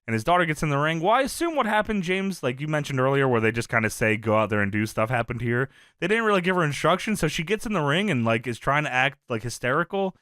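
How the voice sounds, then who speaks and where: A man casually recapping an old wrestling show, swearing freely, laughing often and loudly acting out the quotes. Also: a little high, very animated, fast, hardly any pauses, no room sound, clean studio sound. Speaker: podcast co-host recapping wrestling.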